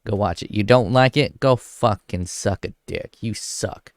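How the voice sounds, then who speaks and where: A man's voice: fairly low pitch, a little slow, no room sound, studio quality. A young man ranking comedies in a casual, profane rant, blunt and crude. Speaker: video host ranking films.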